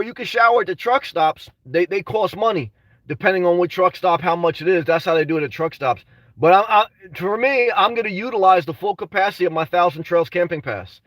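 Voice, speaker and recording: A man's voice: sits high, no room sound, far from the mic. A man rambling in a casual livestream, reading out chat messages, frustrated and full of restarts and "man". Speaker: vlogger reading live chat.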